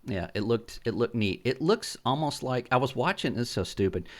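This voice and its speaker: A man's voice: medium pitch, lively intonation. A middle-aged man hosting a casual gaming podcast, telling rambling stories with swearing and lots of restarts. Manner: rambling, profane storyteller; halting restarts and fillers. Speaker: podcast host.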